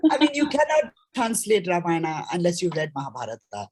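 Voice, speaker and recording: A woman with an Indian English accent, an author and translator, speaking as an interview guest over a video call, emphatic and quick to laugh, repeating words for stress. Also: lowish voice, very animated, a little mellow, breathy edge. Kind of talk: conversational interview.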